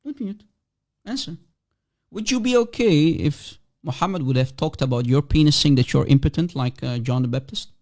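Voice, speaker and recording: A man hosts a heated online debate livestream, combative and mocking, pressing the same question again and again. His darkish voice runs on the high side, and he talks briskly with hardly any pauses.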